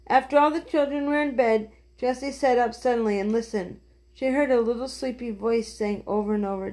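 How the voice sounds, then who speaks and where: A woman reading a children's book aloud gently, with small slips. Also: a little high, moderate pace. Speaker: storyteller.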